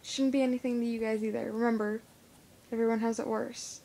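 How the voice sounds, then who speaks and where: A teenage girl with a lisp, talking to camera in a casual vlog, halting and full of fillers. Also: on the high side, level tone, gravelly, dark tone. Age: teens. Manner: hesitant, halting with many fillers. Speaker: vlogger. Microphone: phone camera.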